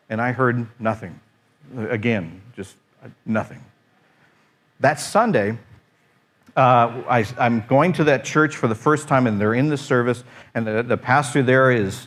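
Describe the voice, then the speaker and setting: A middle-aged man, a pastor, telling a personal story in a sermon, acting out his own exasperated thoughts. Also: mid-range voice.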